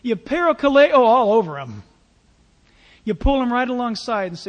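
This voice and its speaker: A male pastor preaching a sermon in a church, in a conversational, animated way with playful asides. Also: very high voice, moderate pace, long pauses, big-room sound.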